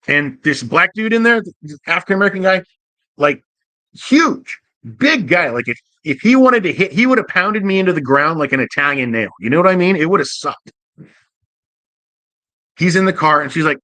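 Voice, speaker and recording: A man hosting a show who tells a profane, jokey anecdote in a casual and animated way. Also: fairly high pitch, normal speed, no echo. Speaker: host. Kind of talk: casual comic storytelling.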